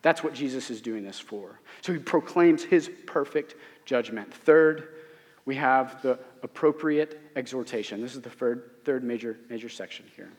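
A man's voice: medium pitch, moderate pace. A man preaching a sermon to his congregation, earnest and emphatic, often asking rhetorical questions. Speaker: pastor. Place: church sanctuary. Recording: long hall reverb.

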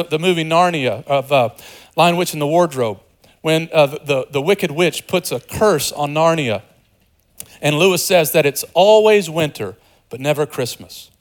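A pastor preaching a sermon in an animated, conversational way, joking with the congregation and dropping to a hushed voice for quieter passages. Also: male voice, high-pitched. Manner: animated, swings between loud emphasis and hushed, softer passages.

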